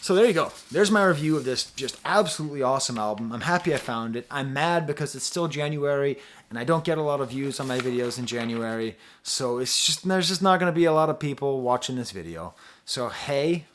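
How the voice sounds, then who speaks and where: A man giving a casual, rambling album review, breaking off into asides to the viewer, his pitch and loudness jumping up and dropping low. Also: quick pace. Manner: animated, pitch and loudness swing widely. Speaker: music reviewer, channel host.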